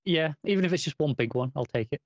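A man co-hosting a casual comics podcast, reasoning quickly and checking for agreement. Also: fairly high pitch, animated, no echo, muffled recording. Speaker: podcast co-host. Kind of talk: casual comic book discussion.

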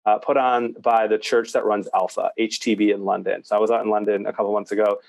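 A young man co-hosting a podcast, telling stories about ministry in casual, animated chat. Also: on the low side, fast, vocal fry. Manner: storytelling, animated. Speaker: podcast co-host, youth minister.

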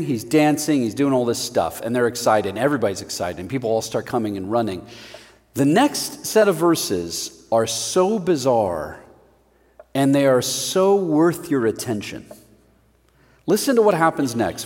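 A male pastor giving a sermon in an animated, conversational way with self-deprecating humor. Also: medium pitch, measured pace, in a large hall.

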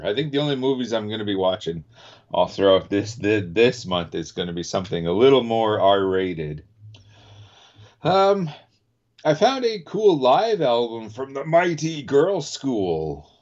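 A laid-back man co-hosting a casual podcast, his pitch rising and falling freely as he talks. He rambles in an easygoing way. The recording is muffled and lo-fi. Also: very animated, unhurried, a little mellow. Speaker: podcast co-host. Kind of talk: casual chat. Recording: dull, lo-fi recording.

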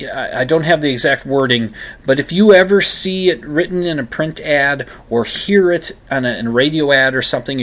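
A man's voice: medium pitch, bright, forceful tone. A man with an ordinary mid-range voice talks through a story in a loose, unscripted way. He circles back on himself with plenty of fillers and false starts. His delivery carries a wry, skeptical tone. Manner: rambling, lots of fillers and restarts. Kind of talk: casual commentary monologue.

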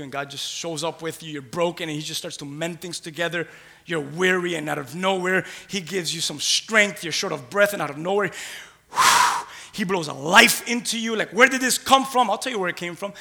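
His voice is on the high side and creaky as he preaches passionately. The pastor swings from quiet, intimate moments to loud, rising calls, repeating phrases rhythmically and calling on the congregation to respond.

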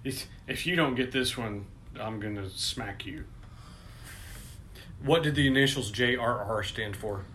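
A man's voice: medium pitch, normal speed, few pauses, heavy background noise. A man co-hosting a casual podcast, reading out trivia questions and answer options, with frequent restarts and laughter. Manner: hesitant, many restarts, laughs often. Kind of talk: casual chat.

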